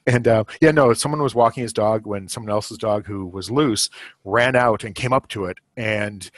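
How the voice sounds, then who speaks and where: Low-voiced rambling podcast host man. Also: a little slow, no room sound. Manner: rambling, chuckling, with many fillers. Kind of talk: casual chat.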